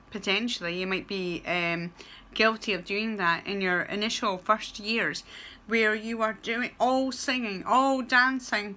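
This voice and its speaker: Bright chatty Scottish woman vlogging. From Scotland. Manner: chatty and emotional, acts out little exchanges in a high voice. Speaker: vlogger and student teacher. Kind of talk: casual vlog chat.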